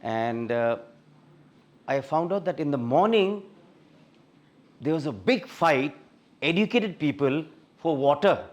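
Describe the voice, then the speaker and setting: A man's voice: on the high side, takes it slowly, long pauses. A middle-aged man with an Indian English accent, sharing a personal faith testimony at a fellowship meeting in a storytelling manner. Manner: storytelling, animated when reliving scenes. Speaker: guest speaker sharing a testimony.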